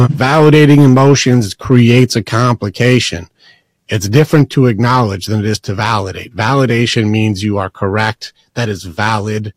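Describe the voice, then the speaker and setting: A man's voice: lowish voice, no echo. A man giving assertive, lecture-style commentary in short declarative statements.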